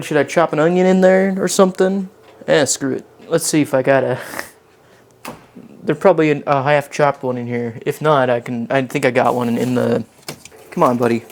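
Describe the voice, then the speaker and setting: A man's voice: medium pitch, darkish tone, slight background noise. A man chatting casually while cooking on a live stream in his home kitchen, rambling and poking fun at himself as he talks to his chat.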